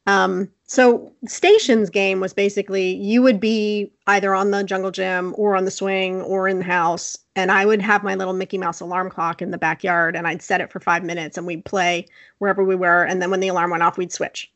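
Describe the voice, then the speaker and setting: A young woman casually telling a childhood story on a podcast, animated and laughing often. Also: mid-range voice, brisk, no echo. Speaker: podcast co-host.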